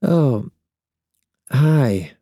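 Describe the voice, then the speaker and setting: Guy doing a grumpy sleepy young woman, higher pitch, a bit distant from the mic. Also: lively intonation, extremely slow, mellow, breathy edge, no echo, clean studio sound, exaggerated voice. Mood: groggy.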